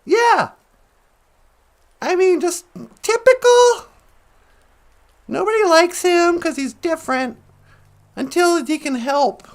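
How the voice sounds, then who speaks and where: A man doing a high, sarcastic auntie. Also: animated, slow, long pauses, full character voice. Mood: snarky. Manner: sarcastic, giggly, sing-song asides. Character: chatty, teasing auntie woman host. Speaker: show character.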